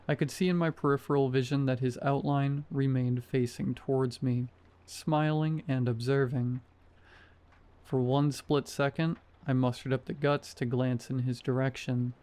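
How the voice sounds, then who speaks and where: A man reading a scary story aloud in a calm, measured narration style. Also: mid-range voice. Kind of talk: scripted narration.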